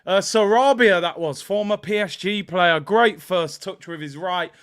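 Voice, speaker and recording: A young man hosting a live football watchalong, giving shout-outs to viewers and cheering loudly at goals. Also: sits high, measured pace, clear, resonant tone. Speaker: watchalong host.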